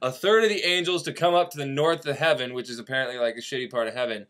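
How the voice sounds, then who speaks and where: A man's voice: medium pitch, fast talker, a bit bright. A young man telling a classic poem as a rambling, profane, casual comic retelling. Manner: rambling and profane, full of 'like'. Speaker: comedic storyteller.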